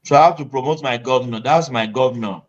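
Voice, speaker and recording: A man's voice: medium pitch, quick pace. A man, playfully arguing in a casual chat. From Nigeria. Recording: muffled mic.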